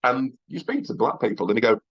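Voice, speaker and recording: A Northern English comedian from England, chatting as a podcast guest and telling blunt, sweary anecdotes with laughs between points and frequent restarts. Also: male voice, medium pitch, very animated, fast, breathy edge, highs cut off. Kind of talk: casual interview storytelling.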